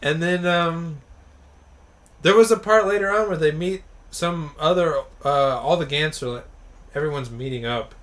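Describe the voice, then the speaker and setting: A young man co-hosting a casual podcast chat, joking and acting out characters in quick bursts. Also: fairly high pitch, a bit bright. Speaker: podcast co-host.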